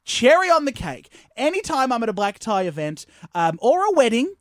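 A man's voice: very high-pitched, big pitch swings, moderate pace, a little hiss or hum. A man co-hosting a radio show, telling funny stories about himself and acting out other people's lines in exaggerated voices. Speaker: radio co-host. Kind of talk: comic storytelling on radio.

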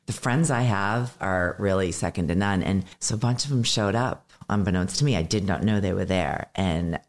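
A woman's voice: extremely low pitch, moderate pace. A woman in her fifties, a stand-up comedian talking as a guest in a casual interview, telling candid, self-deprecating stories with stammered restarts. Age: 50s.

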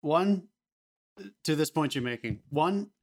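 A man co-hosting a podcast, talking about a film in an animated, emphatic way and swearing freely. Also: fairly high pitch, slow. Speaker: podcast co-host. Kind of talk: casual film discussion.

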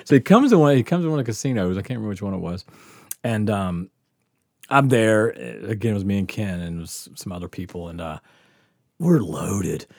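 Middle-aged man, podcast host, swings up and down in pitch, profane and laughing, dry close mic. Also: animated, brisk, no room sound. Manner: rowdy, profane, laughs through his stories. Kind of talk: casual storytelling.

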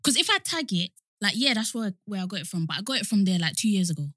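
A woman's voice: medium pitch, big pitch swings, fast talker, a bit bright, dry recording, clean studio sound. A young woman co-hosting a podcast in casual chat, full of "like" and "you know". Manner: chatty, frequent "like" and "you know" fillers. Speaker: podcast co-host.

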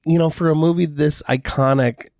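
A man's voice: fairly high pitch, fairly even intonation, moderate pace, darkish tone, no room sound, clean studio sound. A man co-hosting a casual movie review podcast, talking loosely with many ums and uhs. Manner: rambling with many fillers. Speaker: podcast co-host.

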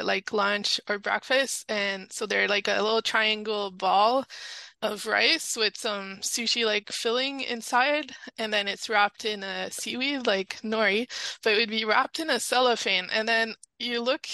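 French Canadian woman guest, chatty, gravelly bright voice. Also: on the high side, dry recording, poor audio. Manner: chatty, many "like" fillers. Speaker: podcast guest. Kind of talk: casual chat.

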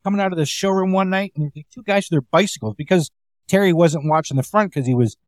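A man's voice: high-pitched, quick pace, dry recording. A comedian telling casual, rambling club stories, acting out the quoted lines as he goes. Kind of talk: casual storytelling chat.

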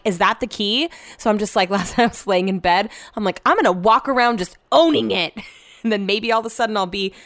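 A woman's voice: on the high side, no echo. Chatty young woman, dry close sound. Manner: chatty and rambling, full of "like" fillers and casual swearing. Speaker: vlogger. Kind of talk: casual chat to viewers.

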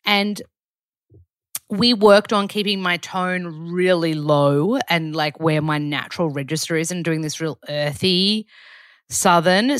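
A woman with a naturally very low voice chats casually as a podcast host, rambling from one thing to the next with plenty of fillers. Her voice sits deep, and the recording is dry and close. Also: no echo. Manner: chatty, rambling with many fillers. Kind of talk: casual diary-style chat.

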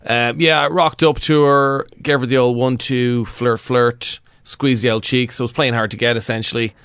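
A man's voice: medium pitch, steady tone, moderate pace, fairly bright tone, smooth, no echo, lightly acted. A man playing a boastful, defensive self-styled pick-up artist, in an improvised comedy sketch recorded in a studio. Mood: smug. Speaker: studio guest.

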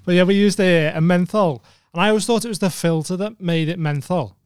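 A man's voice: high voice, brisk, clear, resonant tone, dry recording, studio quality. A laid-back man co-hosting a podcast, telling an anecdote and laughing easily. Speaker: podcast co-host. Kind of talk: casual banter.

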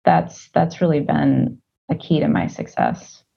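A woman interview guest who leads a team, speaking in a thoughtful, measured way with frequent fillers. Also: low voice, wildly swooping pitch, creaky, muffled recording. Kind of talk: casual interview.

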